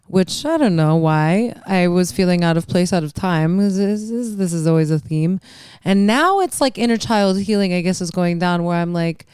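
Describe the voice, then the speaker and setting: A woman hosts her own podcast and talks casually on her own, circling and restarting her thoughts. Her voice is very clear and smooth. The close-miked sound is dry, with no room echo. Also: lowish voice, a little mellow. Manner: rambling, self-interrupting, emotional and playful. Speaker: podcast host. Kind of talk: casual solo podcast chat.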